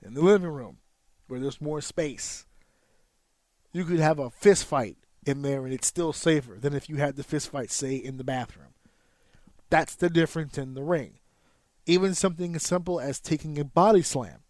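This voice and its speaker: A man's voice: a little high, moderate pace, darkish tone, no echo, studio quality. A man, a wrestler hosting a podcast, explains in a casual, profane monologue, counting out rhythms with sound effects.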